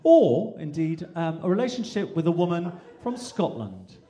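A man from England doing stand-up on a live stage, animated and slipping in and out of mimicked accents. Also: on the high side, normal speed. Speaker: stand-up comedian. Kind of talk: stand-up comedy routine.

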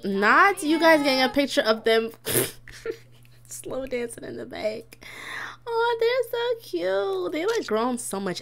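A woman's voice: mid-range voice, slight background noise. A young woman chatting casually as she plays a life-sim game, reacting aloud to her characters and giggling often. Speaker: gaming YouTuber. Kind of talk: casual let's-play commentary.

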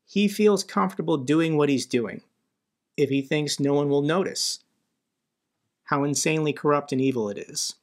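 A man's voice: on the high side, normal speed. An American man hosting a political commentary channel, blunt and indignant. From United States. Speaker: host.

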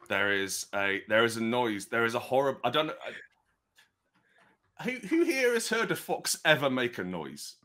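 A man's voice: medium pitch, very animated, measured pace, pauses often, sharp tone. A man narrating as game master of a tabletop game, rambling and chatty with many restarts.

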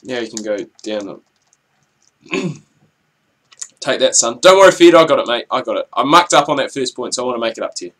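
A young man giving chatty, rambling commentary over his gameplay, with excitable outbursts at the action. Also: mid-range voice, brisk, pauses often. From New Zealand. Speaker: gaming channel host.

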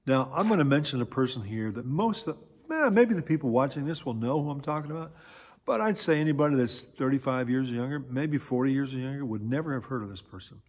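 A male pastor delivers a sermon in a husky voice, his pitch rising and falling in lively swings as he tells a story. He stops often to search for words, and the church hall around him gives a long, echoey reverb. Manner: animated storytelling with many pauses and fillers. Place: church sanctuary.

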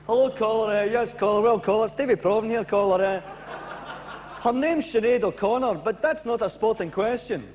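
A man's voice: sits high, fairly quick, a little mellow, slight background noise, close to an everyday voice. A man voicing an earnest radio phone-in host who answers callers in a formal, dry way.

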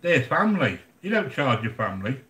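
A man's voice: mid-range voice, very animated, fairly quick, pushed and bright, reverberant. An older English man hosting a live cooking channel, chatting casually and bluntly with viewers, grumbling and joking as he goes. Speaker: livestream cooking channel host.

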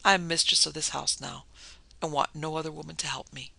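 Soft-spoken young woman keeping secrets, a man putting her on, gravelly and a bit high. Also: steady tone, fairly quick, no room sound, full character voice. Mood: resolute. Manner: soft, hushed delivery.

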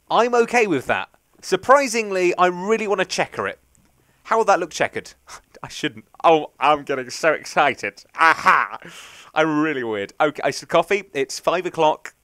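A man's voice: high-pitched, bright, forceful tone, dry recording. A young man rambling chattily through let's play commentary, often poking fun at himself. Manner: rambling, chatty, self-mocking. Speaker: gaming channel host.

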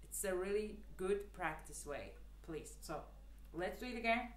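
A woman's voice: mid-range voice, expressive, a little slow, echoey room. A woman teaching the clarinet in a casual, chatty way, with lots of fillers and earnest, repeated advice. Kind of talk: casual spoken tutorial.

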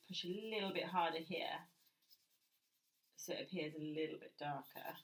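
Woman, British accent, low voice, art teacher, gentle, thinks aloud mid-drawing. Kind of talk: drawing lesson while working.

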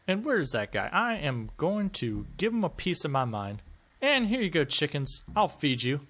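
A man narrates his gameplay with sarcastic jokes, frequent laughs and mild swearing. His pitch swings up and down with lots of animation and sits a little high for a man. He sounds like a casual let's-play commentator reacting as he goes. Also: very animated, normal speed, a bit bright.

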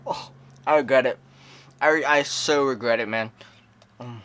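A man's voice: mid-range voice, measured pace, a bit bright. A young man vlogging a candy taste test, dramatic and rambling, full of "like" and "you know". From Maryland, USA. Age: young adult. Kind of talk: casual vlog taste test.

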